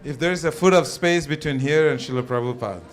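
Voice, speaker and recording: A man's voice: fairly high pitch, fast, soft background music. A man organizing a live event, politely coaxing people to make space. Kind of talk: live crowd directions.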